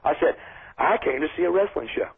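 This guest wrestler, calling into a radio show on a tinny phone line, has a somewhat high, gravelly, slightly rough voice and a brisk, lively delivery. He relaxes into an interview story, putting on animated voices for the people he quotes.

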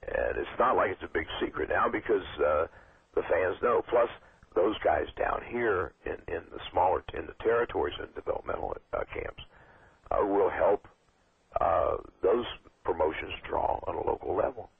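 Gravelly older man on a phone line. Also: sits low, lively intonation, no echo. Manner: rambling, halting, many fillers and restarts. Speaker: wrestling trainer and guest. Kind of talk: casual phone interview.

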